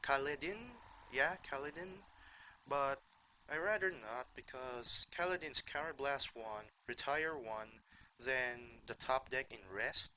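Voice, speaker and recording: Nasal man with a bright voice. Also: medium pitch, a little hiss or hum, rough recording. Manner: halting, restarts words often. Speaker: card game vlogger. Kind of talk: casual deck walkthrough.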